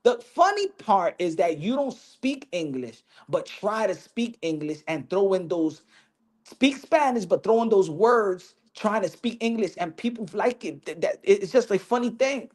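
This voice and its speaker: A man's voice: high-pitched, sing-song, a little slow, a little mellow. A man talks boxing in a loose, rambling way, often restarting his sentences. He mixes in Spanish slang as he goes. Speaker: boxing commentator. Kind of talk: casual opinion vlog.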